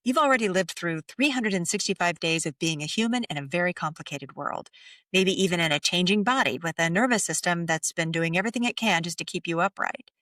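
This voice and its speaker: A middle-aged woman hosting a podcast, speaking softly and slowly as she leads a gentle guided reflection, sometimes near a whisper. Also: lowish voice, lively intonation, no echo, clean studio sound, distant mic. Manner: soft, slow and soothing, drops to near whispers. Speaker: podcast host.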